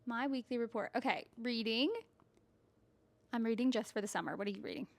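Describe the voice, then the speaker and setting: A woman's voice: on the high side, a little fast, gravelly. A woman in her twenties co-hosting a casual podcast chat, bubbly and chatty, laughing often. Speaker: podcast co-host.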